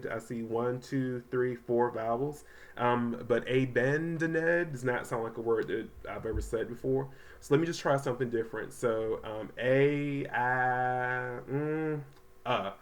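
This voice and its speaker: A man teaching a third grade reading lesson to children at home, talking casually with many ums and slowly sounding out words. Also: mid-range voice, fairly even intonation. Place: home, voice only over the packet pages. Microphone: close mic, not seen.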